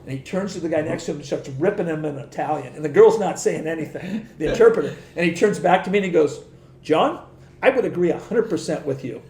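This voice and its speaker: A middle-aged man telling stories on a podcast in a casual, animated way, laughing often and acting out the voices of the people he quotes. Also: a little high, fast talker, echoey room. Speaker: podcast guest. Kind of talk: casual storytelling.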